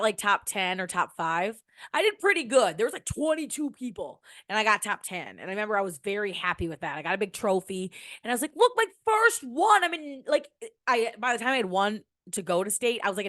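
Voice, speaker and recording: A young woman from Michigan, telling a personal story in a chatty way and jumping into a higher voice when she quotes herself. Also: no echo, clean studio sound. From Michigan, USA. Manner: chatty, animated, acts out quoted lines in a high voice. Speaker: podcast host. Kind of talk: casual storytelling.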